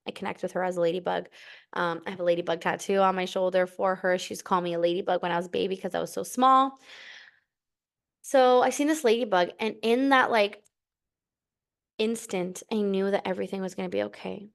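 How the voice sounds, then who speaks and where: Young Canadian woman, smooth clear voice, casual candid storyteller who acts out quoted dialogue. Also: on the low side, brisk. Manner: candid and animated, acting out quoted dialogue with many fillers. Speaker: podcast host telling her birth story.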